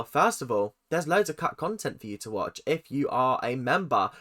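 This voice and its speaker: A British reaction channel host with a medium-pitched, sharp-toned voice chats casually and jokingly straight to viewers in a reaction vlog.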